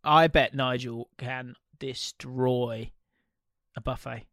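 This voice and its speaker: A man's voice: mid-range voice, steady tone, slow pace, a bit bright, no echo, clean studio sound. A man co-hosting a comedy podcast, rambling and laughing through casual chat. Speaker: podcast co-host.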